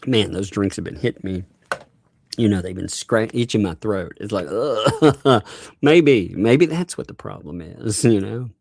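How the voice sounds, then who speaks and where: Gravelly, laughing male livestream host. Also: on the low side, expressive, normal speed, darkish tone, dry recording. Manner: laughs constantly between remarks. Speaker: livestream host reading viewer donations. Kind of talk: casual livestream chat.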